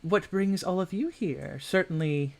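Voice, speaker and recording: A man's voice: high-pitched, a little slow, gravelly, voice pushed up. A man voicing a teasing mystic woman. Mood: curious. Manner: playful, teasing. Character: mysterious chuckling young woman with mismatched eyes.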